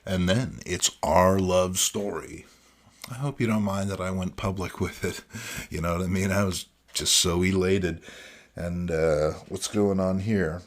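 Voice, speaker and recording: A man's voice: sits low, fairly even intonation, a little slow. A man hosting a casual, jokey review of old comics, full of sardonic asides and "you know what I mean.". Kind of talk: casual comedic commentary.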